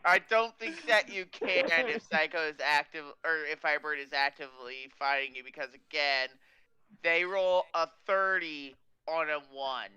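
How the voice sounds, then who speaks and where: A man's voice: on the high side, moderate pace, sharp tone, clean tone, highs cut off. A man running a tabletop game as game master, ruling with hesitant fillers.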